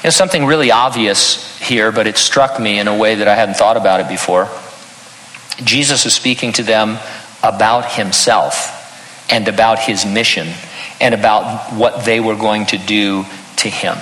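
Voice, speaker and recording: Older male pastor, bright and echoey. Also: fairly low pitch, normal speed. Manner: earnest preaching with self-deprecating humor. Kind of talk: sermon.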